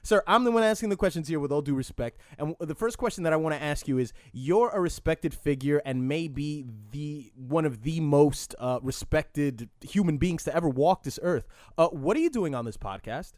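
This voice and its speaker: A man's voice: on the high side, expressive, normal speed, few pauses, a little mellow, dry recording, clean studio sound. A man hosting a podcast, talking casually in brash, joking bursts. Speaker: podcast host. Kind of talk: casual chat.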